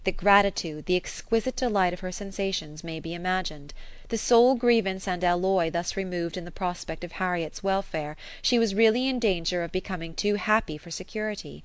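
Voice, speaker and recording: Female audiobook narrator, measured, lowish voice, dry close sound. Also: fairly bright tone, smooth, no room sound. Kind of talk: scripted narration.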